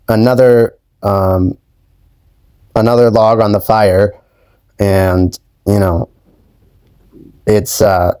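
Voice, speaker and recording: A man's voice: on the low side, mellow, smooth, no room sound. A young adult man hosting his own channel, recapping a show in a casual way, hesitant and full of ums and you-knows. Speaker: YouTube host.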